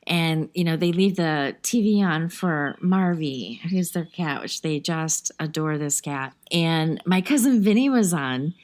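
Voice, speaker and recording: A middle-aged woman hosting a podcast, chatty and quick to laugh in casual conversation. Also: sits low, darkish tone. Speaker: podcast host. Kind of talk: casual chat.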